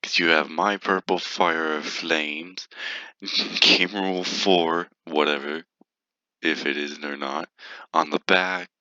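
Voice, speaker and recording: This gaming video creator talks slowly in an extremely low, steady voice with a sharp edge and no echo. While playing, he gives teasing, playful commentary, mutters, giggles and hums to himself, all captured in a dull, dry lo-fi recording.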